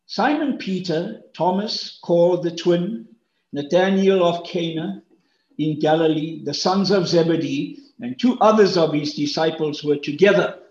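Male preacher, lively sermon delivery, roomy echo, unhurried. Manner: animated, acts out voices with big pitch jumps. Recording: roomy echo, dull lo-fi sound.

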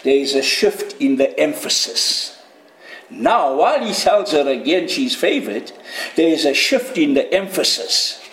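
A man with a high voice delivers an emphatic sermon, calling his listeners friends. He speaks slowly, letting each phrase settle in a roomy, echoing space. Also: lively intonation, a bit bright, a little hiss or hum. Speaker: preacher.

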